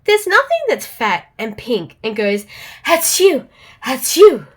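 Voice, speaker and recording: A woman's voice: a little high, wildly swooping pitch, measured pace, full character voice. A woman with an Australian accent voicing a rude, boastful male pig in a children's storybook, with squealing sneezes. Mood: scornful. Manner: squealing loud sneezes, scornful.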